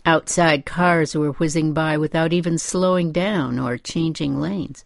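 A woman reading a first-person memoir in a measured, restrained narration. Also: sits low, creaky, no room sound, studio quality.

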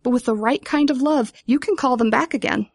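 A woman voicing a tiny, shabby talking dandelion in a storybook, soft, modest and wistful. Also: high-pitched, a little fast, dry recording, clean studio sound. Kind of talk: storybook reading.

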